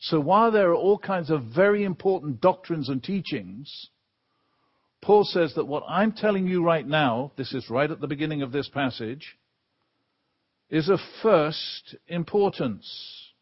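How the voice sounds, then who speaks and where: An Englishman preaching a sermon from the pulpit as a guest speaker, leaning hard and slowly on the key words. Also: on the high side, expressive, slightly rough, lo-fi sound. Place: church pulpit.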